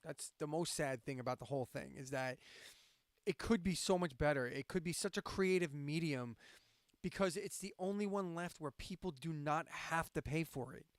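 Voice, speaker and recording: Brief: male stream host from central Pennsylvania, high voice, dead-dry sound, rambling rants with swearing. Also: moderate pace, no echo. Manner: ranting, profane, sarcastic. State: insomniac, drinking coffee late at night. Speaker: live-stream host and radio DJ. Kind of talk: casual chat.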